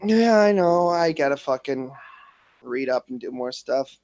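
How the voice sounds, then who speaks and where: A man's voice: medium pitch, expressive, measured pace, a little mellow, no echo. A man hosting a casual livestream chat, crude and self-mocking, swearing constantly. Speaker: livestream host.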